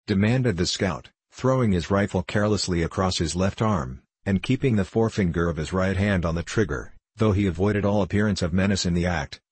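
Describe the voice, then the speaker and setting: A man narrating an audiobook in a steady, measured reading. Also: deep voice, husky, dry recording. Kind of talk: scripted narration.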